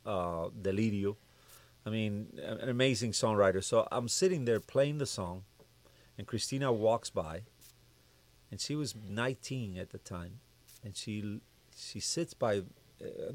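A man, a music producer, telling stories in an interview and acting out the dialogue of the people in them. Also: fairly low pitch. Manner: animated storyteller who acts out quoted dialogue. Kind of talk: storytelling interview chat.

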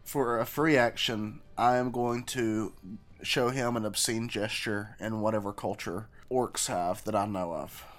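A man's voice: on the low side, fairly even intonation, measured pace. A man playing a tabletop game, joking around as he describes his character's actions. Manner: playful, jokey. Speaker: player.

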